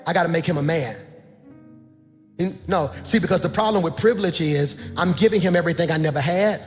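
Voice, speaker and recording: A pastor, preaching a sermon that swings from soft talk to shouting. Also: male voice, fairly high pitch, a little fast. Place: church sanctuary. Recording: long hall reverb, faint music.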